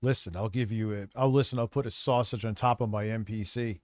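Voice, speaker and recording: A man streaming live, ranting in a profane and defensive way, his voice gravelly from a cold. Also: on the low side, steady tone, fairly quick, darkish tone. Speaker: streamer reacting to videos. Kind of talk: casual livestream rant.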